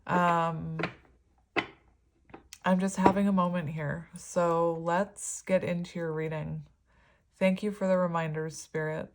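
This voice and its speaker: A woman's voice: on the low side, level tone, slow pace, pauses often, heavy background noise. A woman giving a casual tarot reading, talking in a rambling, filler-heavy way and easily moved. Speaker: tarot reader.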